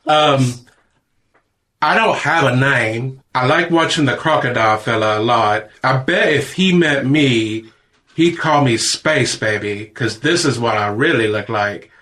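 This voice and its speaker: A man's voice: medium pitch, unhurried, bright, forceful tone. A man voicing a naive, friendly shapeshifting space creature with a put-on Australian accent, cheery and childlike. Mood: delighted.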